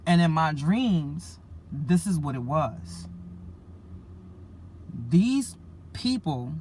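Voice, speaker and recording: A woman's voice: sits low, sing-song, very slow, darkish tone, a little hiss or hum. A woman preacher earnestly retelling a dream to her listeners, repeating herself and calling them family. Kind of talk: spoken religious message.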